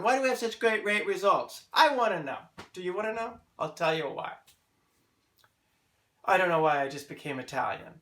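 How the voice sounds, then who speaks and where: An American man who is a real estate agent, explaining a sales tip in an energetic, chatty way and asking himself rhetorical questions. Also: high voice. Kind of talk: promotional explainer video. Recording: echoey room.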